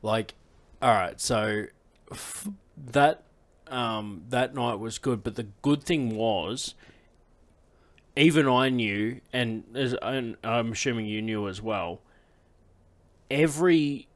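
A man's voice: medium pitch, slow pace, pauses often. A man hosting a podcast, chatting in a laid-back way with lots of swearing and fillers like "um" and "like.". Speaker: podcast host. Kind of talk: casual podcast chat.

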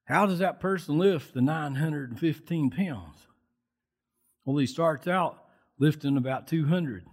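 A man preaching a sermon at a church service, telling Bible stories in a folksy, animated way. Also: a little high, measured pace, breathy edge. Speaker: lay preacher.

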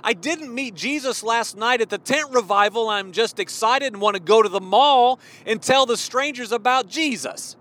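A man in his forties preaching a fervent, worked-up sermon, at times yelling. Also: extremely high pitch. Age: 40s. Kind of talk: impassioned sermon.

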